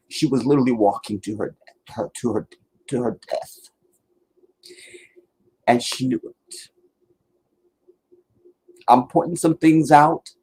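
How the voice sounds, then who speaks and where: A man's voice: medium pitch, darkish tone, breathy edge, low-quality recording. A man giving an earnest, emotional commentary monologue, preaching at times. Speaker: online commentator.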